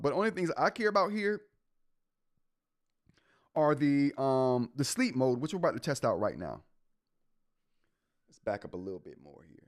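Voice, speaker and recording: A man's voice: medium pitch, no echo, clean studio sound. A man hosting a live tech show in a casual way, reading update notes aloud and reacting to the chat.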